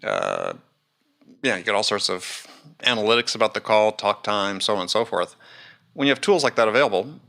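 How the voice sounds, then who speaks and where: A man hosting a podcast who explains his points in a measured way. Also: on the low side, big pitch swings, creaky, bright, forceful tone. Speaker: podcast host. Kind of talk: conversational interview.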